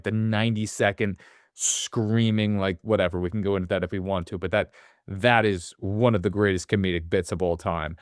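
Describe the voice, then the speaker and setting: A man co-hosting a casual movie podcast, animated, swearing freely and acting out quotes in little voices. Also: on the low side, dry recording, clean studio sound. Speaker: podcast co-host.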